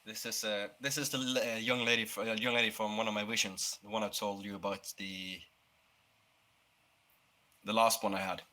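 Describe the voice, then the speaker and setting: Bright-voiced man playing in character. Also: on the low side, flat delivery. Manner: halting, wry. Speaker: player. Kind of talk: in-character tabletop game talk.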